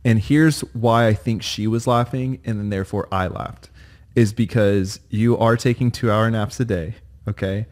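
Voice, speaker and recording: A man's voice: fairly low pitch, fairly even intonation, moderate pace, darkish tone. A man co-hosting a podcast, telling stories in a playful, teasing way and laughing often. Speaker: podcast co-host. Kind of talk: casual chat.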